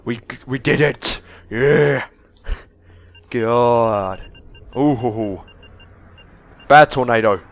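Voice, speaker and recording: A man's voice: mid-range voice, drawn-out words, long pauses. Sweary young man gaming. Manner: chatty, sweary, jokey, reacts loudly to the game. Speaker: gaming video host. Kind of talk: casual let's-play commentary.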